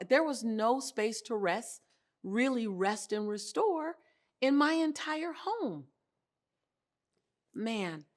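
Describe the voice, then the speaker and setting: Woman, motivational host, expressive, animated, laughs often, talk to camera, indoor set. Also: mid-range voice.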